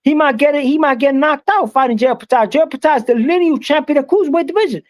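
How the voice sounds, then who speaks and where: A man's voice: extremely high pitch, fast talker, no echo. A man on a boxing talk panel, arguing his point insistently and repeating himself, often tacking on "bro.". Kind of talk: heated panel debate.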